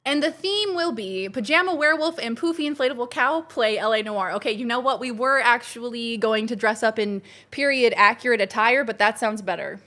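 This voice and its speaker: A woman's voice: a little high, a little fast, hardly any pauses, bright, forceful tone. A woman streamer chatting casually and bubbly with her live chat from home while planning her week. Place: home, kitchen.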